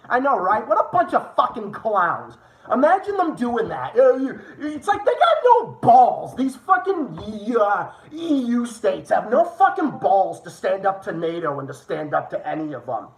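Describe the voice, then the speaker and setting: A man's voice: very high-pitched, fairly bright tone. A man hosting a livestream, ranting with heated, profane political commentary. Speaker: livestream host. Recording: roomy echo.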